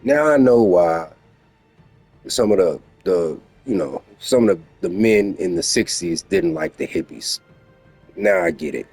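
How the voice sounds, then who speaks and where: Deep, dark-voiced man lecturing bluntly. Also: animated, measured pace, breathy edge, no echo, faint music behind. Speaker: reaction commentator. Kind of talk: casual reaction commentary.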